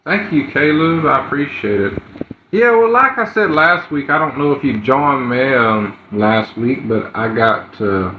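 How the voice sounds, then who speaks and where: A man hosts a casual live stream, greeting people by name between halting pauses. His voice sits in a middle range. The audio is roomy and muffled, with a faint hiss behind it. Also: mid-range voice, lively intonation. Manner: greets viewers one by one, halting with many fillers. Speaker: livestreamer. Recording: roomy, dull, slightly noisy phone audio.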